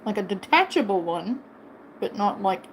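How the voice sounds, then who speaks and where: A woman's voice: medium pitch, very animated, moderate pace, slight background noise. A woman streamer chatting casually and playfully teasing her pet on a live stream.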